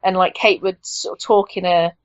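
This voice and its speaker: A woman's voice: fairly low pitch, fairly even intonation, normal speed, dry recording, muffled recording. A woman guest on a podcast, chatting enthusiastically and rambling with plenty of fillers. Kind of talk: casual chat.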